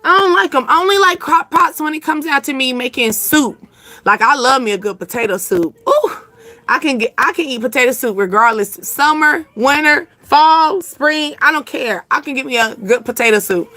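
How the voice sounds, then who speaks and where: A woman's voice: high-pitched, expressive, brisk, pushed and bright, dry recording. A woman hosting a casual live reading, rambling chattily and answering comments from her chat. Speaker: channel host giving intuitive readings.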